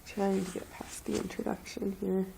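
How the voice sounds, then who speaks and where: A woman's voice: medium pitch, monotone, gravelly, background noise. A young woman from the Philadelphia area with a southeastern Pennsylvania accent, talking casually and hesitantly while she has a cold. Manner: hesitant, halting, with many fillers. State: has a cold, a bit stuffy. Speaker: vlogger. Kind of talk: casual accent-tag video.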